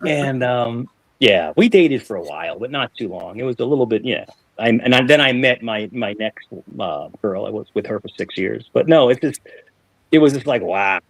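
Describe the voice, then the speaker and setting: A man's voice: on the low side, expressive, moderate pace, vocal fry, no echo. A man, hosting a live panel chat and rambling through stories with lots of fillers and restarts. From New York. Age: 40s. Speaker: show host.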